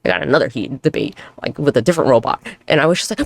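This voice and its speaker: A woman talks through a casual solo podcast episode with a rough, gravelly edge to her voice. Her pitch leaps and dips constantly as she rambles. She swears freely and mocks herself, and the sound is close and dry. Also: expressive, very fast, few pauses, dry recording. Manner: rambling, profane, self-mocking. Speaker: podcast host.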